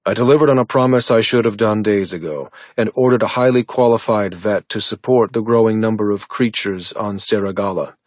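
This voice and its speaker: A man narrating a romance audiobook in the first person, with a measured, brooding delivery. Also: on the low side, no echo.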